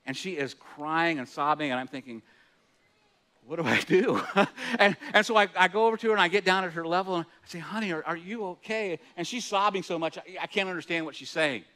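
A man's voice: on the high side, fast, hardly any pauses, sharp tone, clear, resonant tone. A middle-aged man preaching a sermon as pastor, chatty and self-deprecating, laughing often and restarting his words. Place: church hall.

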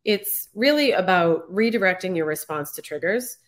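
A woman's voice: lowish voice, animated, normal speed. A woman hosting an interview podcast, casually explaining a method she developed. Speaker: podcast host.

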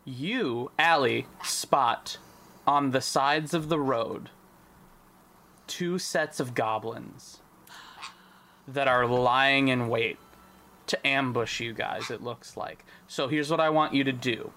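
A man's voice: mid-range voice, takes it slowly, pushed and bright, a little hiss or hum. A young man as dungeon master, running a tabletop game with brash jokes and casual swearing. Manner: brash, joking, swears freely.

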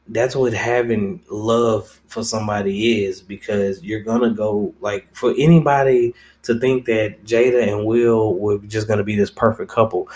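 Blunt, profane young man podcasting. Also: mid-range voice. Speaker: podcast host. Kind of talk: casual solo podcast commentary.

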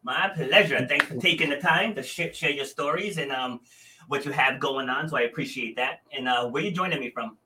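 A man's voice: mid-range voice, fairly quick, pushed and bright, poor audio. A man with a New England accent hosting a podcast interview, chatty and friendly, laughing often. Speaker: podcast host. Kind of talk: casual interview chat.

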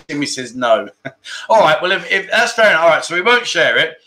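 A man's voice: a little high, very animated, a little fast, sharp tone. A man hosting a casual livestream, chatting and reading viewer comments, laughing often and tripping over his words. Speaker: livestream host.

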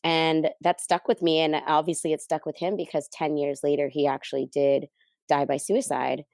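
A woman's voice: low voice, little pitch movement, normal speed, gravelly, darkish tone, no echo, studio quality. A woman from the United States, a guest on an interview podcast, telling a personal story in a candid, easygoing way. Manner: candid and easygoing, laughs lightly. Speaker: interview guest, event planner.

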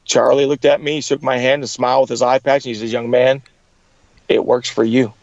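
A man's voice: medium pitch, level tone, brisk, no room sound, dull audio. A middle-aged man in an interview, telling stories with energy and acting out the people he quotes. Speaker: guest. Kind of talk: storytelling in an interview.

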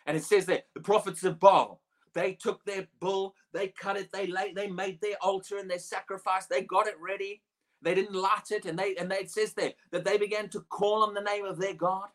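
A preacher delivering a sermon, animated and expressive, with frequent laughs. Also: medium pitch. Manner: animated, acts out the quoted speech in a raised voice, laughs often.

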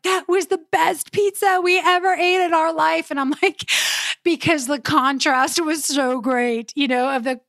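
A woman hosting a podcast, telling a personal story in a lively, casual way, laughing often and talking straight to her listeners. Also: high voice, no room sound, clean studio sound. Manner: animated, laughs often, addresses listeners directly. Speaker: podcast host.

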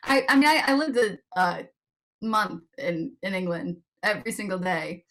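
A woman's voice: on the low side, animated, moderate pace, gravelly, fairly bright tone. A young American woman, a singer guest on a podcast, chatting casually and laughing often at herself. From United States. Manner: giggly, self-deprecating, laughs often. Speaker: guest musician.

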